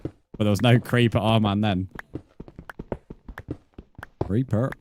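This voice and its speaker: A man's voice: on the low side, fairly even intonation, takes it slowly, background noise. A man livestreaming a game, chatting casually with viewers, bantering and swearing at the chat in mock threats.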